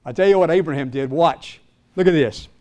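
Older male pastor, high-pitched, dramatic sermon delivery, rises loud and drops to a hush, quizzes the congregation. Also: fairly quick. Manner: dramatic preaching, swinging from loud to hushed; asks the congregation questions.

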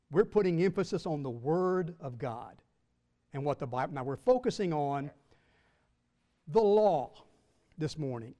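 Slow, high-voiced Baptist pastor teaching. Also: male voice, dark tone, long reverb tail. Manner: measured, emphatic, slows and rises when reading scripture. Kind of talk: Bible teaching to a congregation. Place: church.

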